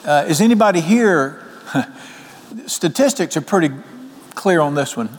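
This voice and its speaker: A man, preaching an evening sermon in a folksy, animated way and asking the congregation questions. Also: a little high, a little slow. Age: 60s. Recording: long hall reverb.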